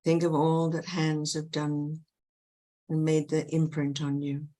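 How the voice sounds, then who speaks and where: A woman guiding a listener through a gentle meditation, speaking in a slow, soothing way. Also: low voice, completely flat delivery, poor audio. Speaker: guest, past life regression hypnotherapist. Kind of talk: guided meditation.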